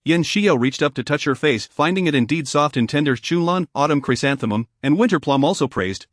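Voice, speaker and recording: A man narrating a story recap in a smooth, even reading without pauses or slips. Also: on the high side, no room sound, clean studio sound.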